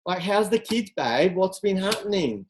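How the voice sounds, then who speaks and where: A coach speaking to a team on a call. The delivery is energetic and direct, built on rhetorical questions that push listeners to act. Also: mid-range voice, moderate pace, slight background noise, rough recording. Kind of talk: motivational talk on a group call.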